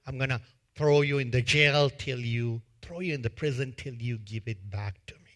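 A man's voice: medium pitch, moderate pace, fairly bright tone, pitched below the performer's own voice, natural voice. A man voicing a greedy male servant who harshly demands repayment and threatens prison, in a sermon retelling. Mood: demanding.

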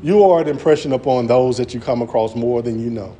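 A man's voice: medium pitch, a little fast, dark tone. A man preaching an earnest sermon, often restarting his words as he presses his points. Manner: earnest, repetitive, stammering restarts.

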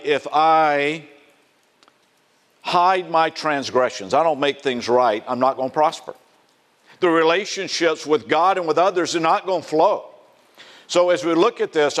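A man's voice: on the high side, a bit bright. A man preaching a sermon in a conversational way, often asking the congregation rhetorical fill-in questions. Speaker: pastor.

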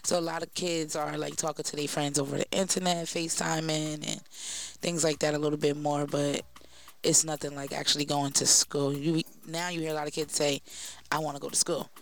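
Gravelly-voiced co-host in casual chat. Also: mid-range voice, little pitch movement, fairly quick, fairly bright tone. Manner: talkative, lots of "like" and "you know".

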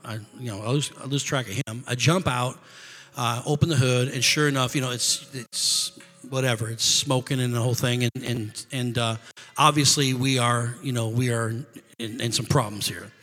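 A man casually telling a long personal story, halting often, restarting phrases and repeating words. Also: mid-range voice, steady tone, bright, forceful tone. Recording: long reverb.

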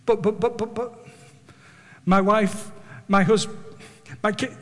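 A man preaching with animated earnestness, often repeating words as he builds his point. His voice is high for a man. Long reverb fills a large hall around him. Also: slow pace. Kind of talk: sermon with storytelling.

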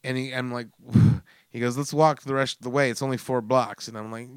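Profane, animated man in his forties. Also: medium pitch, brisk, smooth, dry recording, studio quality. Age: 40s. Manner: profane, animated storyteller acting out his own mishap. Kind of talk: casual storytelling chat.

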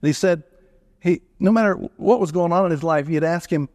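A man's voice: fairly high pitch, fairly quick, a little mellow, no room sound, studio quality. An older man giving a folksy, humorous sermon-style radio talk that quotes scripture. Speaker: radio speaker on retirement.

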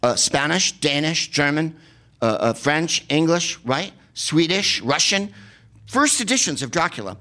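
A man's voice: on the high side, lively intonation, unhurried, sharp tone. A man telling rambling, sardonic comic travel stories, with plenty of swearing and filler words. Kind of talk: comedic travel storytelling.

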